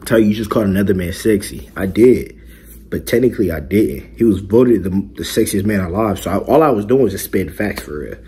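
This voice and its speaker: A man's voice: on the low side, expressive, fairly quick, dark tone, breathy edge. A young man casually chatting to his viewers in a mukbang vlog from his bedroom, joking and boastful, full of loose slang. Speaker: mukbang vlogger. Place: his bedroom lit with colored LED lights.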